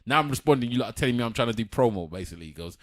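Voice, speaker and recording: Podcast co-host, man, lively pitch, rapid casual storyteller. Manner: animated storytelling, reads out quotes. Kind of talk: casual chat.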